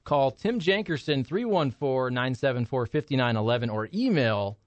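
A man's voice: medium pitch, expressive, moderate pace, no echo, dull audio. Upbeat male radio co-host reading an ad. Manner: upbeat, salesy enthusiasm. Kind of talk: ad live read.

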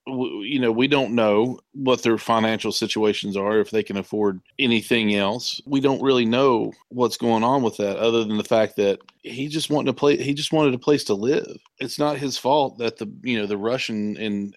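A man's voice: medium pitch, moderate pace, hardly any pauses, dry recording. A man co-hosting a comic book podcast, rambling through stories with plenty of fillers. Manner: rambling, many fillers, storytelling. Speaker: podcast co-host.

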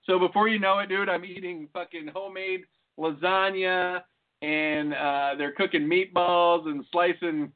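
A man's voice: high-pitched, fairly even intonation, unhurried. A man co-hosting a podcast, chatting loosely and profanely and laughing often. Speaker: podcast co-host. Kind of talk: casual profane chat. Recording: phone-like lo-fi sound.

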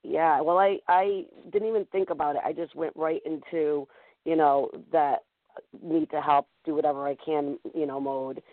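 A woman's voice: low-pitched, fairly even intonation, moderate pace, no echo. A woman host talks over a thin, phone-like line, loose and chatty, with lots of "you know"s and "um"s. The sound is dry and close, with no room around it. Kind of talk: casual call-in show chat.

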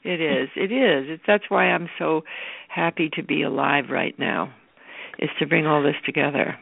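A woman's voice: low voice, expressive, normal speed, vocal fry, husky, dry recording. A woman guest talking fervently about a spiritual movement, often laughing, over a phone call. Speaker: guest speaker. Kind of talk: enthusiastic spiritual talk.

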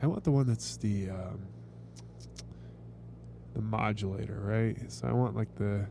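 A man's voice: lowish voice, a little slow, gravelly, warm tone, slight background noise. A man hosting a sports podcast, chatting casually and ranting with swearing and frequent restarts. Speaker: podcast host.

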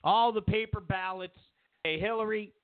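A man's voice: high-pitched, normal speed, no echo. A man hosting a political talk show, giving sarcastic, opinionated commentary and repeating his points for emphasis. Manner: sarcastic, mocks media with exaggerated quotes. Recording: tinny phone-like, dry sound.

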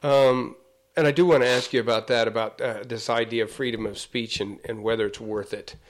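A man's voice: mid-range voice, steady tone, fairly quick. A man co-hosting a casual sports chat show in a studio, rambling and laughing, often trailing off mid-sentence. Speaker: co-host. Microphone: studio mic.

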